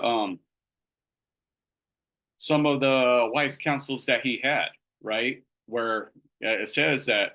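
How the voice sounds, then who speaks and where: A man's voice: medium pitch, a bit bright, rough recording. Guy teaching scripture, casual chatty delivery, reads passages then riffs on them, medium voice. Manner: conversational, many fillers and "right?" tag questions. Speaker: Bible study teacher. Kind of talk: informal scripture teaching with reading aloud.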